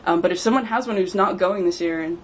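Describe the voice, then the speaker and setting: A woman's voice: lowish voice, quick pace, slight background noise. A woman guest on a podcast, chatting casually and telling anecdotes with a laugh. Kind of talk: casual chat.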